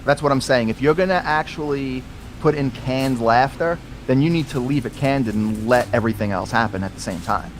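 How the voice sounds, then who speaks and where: A mid-pitched man co-hosting a casual sports podcast, full of strong opinions and quick to rant. Faint background ambience sits under his voice. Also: a little hiss or hum, rough recording. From United States. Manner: opinionated, ranting. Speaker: podcast co-host.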